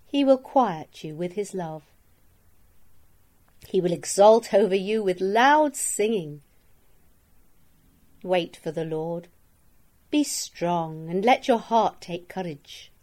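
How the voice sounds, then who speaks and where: A woman reading a daily devotional of Bible verses in a measured, solemn manner, with each verse and its reference read out. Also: on the low side, lively intonation, darkish tone. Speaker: scripture reader.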